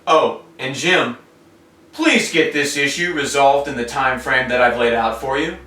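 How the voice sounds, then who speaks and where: A man acting out a calm, menacing cartel middleman who delivers threats with chilling politeness. His voice is bright and hard-edged, and it sounds roomy, picked up from some distance away by the mic in a comedy skit. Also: medium pitch, a little slow.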